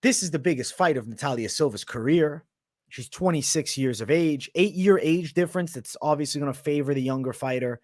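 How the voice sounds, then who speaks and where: A young man with a mixed Boston and New York sounding accent, hosting a live MMA betting show in a brash, profane, animated way, talking back to live viewers. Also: on the high side, fairly quick, no room sound, studio quality. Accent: mix of Boston, Canadian and Italian, often heard as New York. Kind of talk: live-stream commentary, casual and profane.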